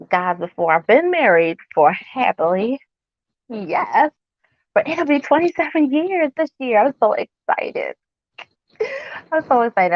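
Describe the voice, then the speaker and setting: A woman's voice: a little high, no echo. Chatty woman vlogger, muffled dry sound. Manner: chatty, rambling, asks viewers questions. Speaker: wellness vlogger. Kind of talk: casual chat to camera.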